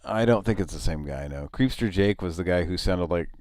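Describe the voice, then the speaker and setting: A man hosting a casual chat show, rambling and halting with frequent laughs, his voice a little nasal. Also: low voice, animated, darkish tone, no echo, clean studio sound. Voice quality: nasal tonight. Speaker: show host. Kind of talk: casual radio-style chat.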